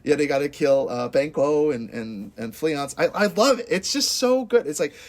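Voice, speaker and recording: Excitable man gushing about a film. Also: a little high, normal speed. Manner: excitable, acts out characters' lines. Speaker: movie podcast co-host. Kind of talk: casual movie discussion.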